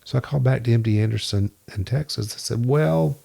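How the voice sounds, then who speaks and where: A man appearing as a guest on a podcast tells stories in a casual interview, acting out the voices of the people he quotes. His medium-pitched voice is creaky and a little fast.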